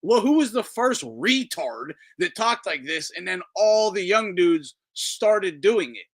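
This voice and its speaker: A man's voice: high-pitched, very animated, measured pace. A man hosting a casual boxing talk livestream, rambling and swearing as he reacts to clips. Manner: profane, rambling, incredulous. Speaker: boxing talk show host. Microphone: streaming microphone.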